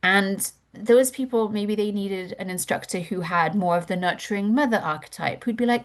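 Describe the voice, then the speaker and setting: A woman presenting a webinar as a course instructor, candid and animated, swearing casually. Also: medium pitch, fairly quick.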